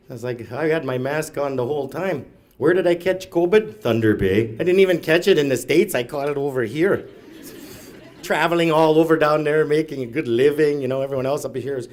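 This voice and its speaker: A man working through a stand-up set, his voice a touch higher than most men's. He tells long rambling stories with dry, deadpan asides and a wry tag at the end of each line. It sounds like a live stage mic at an event. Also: a little fast. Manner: storytelling, deadpan asides, laughs at own jokes. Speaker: stand-up comedian. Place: live event hall, audience.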